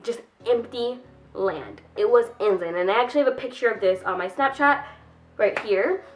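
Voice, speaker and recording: A woman's voice: a little high, moderate pace, slight background noise. A young woman vlogger telling a casual storytime, rambling and filling her sentences with "like". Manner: rambling, heavy use of "like". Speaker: YouTuber.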